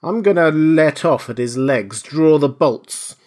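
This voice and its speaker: A man voicing a calm, armed bearded man with an American accent. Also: on the high side, unhurried, voice pushed up. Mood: cool.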